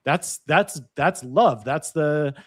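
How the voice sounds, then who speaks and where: Measured man talking on a panel. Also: on the high side. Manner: measured, hedging, with frequent restarts. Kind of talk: panel discussion.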